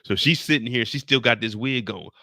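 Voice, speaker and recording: A man with a gravelly, crisp voice recaps a TV episode live, full of slang and profanity. He acts out the scenes with gunshot noises and side stories. His sound is dry and close. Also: mid-range voice, fairly quick, pushed and bright, no echo. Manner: acts out scenes with sound effects and personal anecdotes. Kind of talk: animated storytelling recap.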